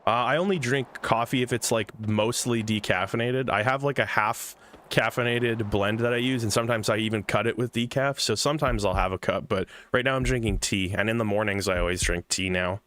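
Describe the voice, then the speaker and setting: Rambling low-voiced man streaming a game. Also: brisk, a bit bright, a little hiss or hum. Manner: rambling, chatty, self-interrupting. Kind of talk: casual live-stream commentary. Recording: game music behind.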